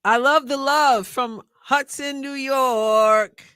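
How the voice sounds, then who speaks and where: A middle-aged woman hosts a live stream, her voice bright and forceful. She chats casually and excitably, thinking aloud and talking back to her viewers. The sound is dry and close, with no room around it. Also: high-pitched, takes it slowly, clear, resonant tone, no echo. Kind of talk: casual live commentary reacting to a sports draft.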